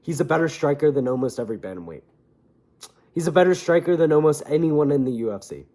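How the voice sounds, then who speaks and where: Young male fight commentator, somewhat high voice, heated and opinionated, swears freely. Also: quick pace. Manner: animated and opinionated, swears often. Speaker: MMA commentator. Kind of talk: casual fight-talk commentary.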